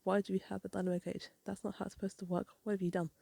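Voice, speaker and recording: A woman reading the lines of a scheming male mad-scientist villain from a comic, in a lightly gravelly voice. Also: mid-range voice, level tone, racing, mellow, no echo. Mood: annoyed. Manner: read aloud from comic panels.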